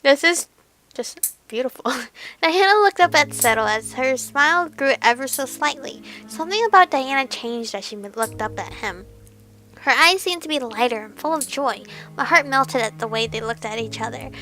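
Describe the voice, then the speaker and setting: A woman's voice: high-pitched, animated, normal speed, bright, forceful tone, soft background music. A young woman hosting a let's play, reading a romance game aloud and gushing with giggly, emotional reactions.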